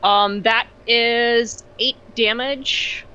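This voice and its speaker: A woman playing a tabletop game, talking in a hesitant, halting way and often restarting her sentences. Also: a little high, fairly even intonation, sharp tone, clean tone, highs cut off. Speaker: player.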